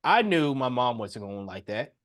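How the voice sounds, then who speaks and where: An animated young man hosts his own podcast, recounting a personal story in a relaxed, chatty way. His voice sits at a middle pitch, and he laughs often as he talks. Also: normal speed. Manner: animated, jumps into higher voice when quoting himself. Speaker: podcast host. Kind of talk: casual storytelling monologue.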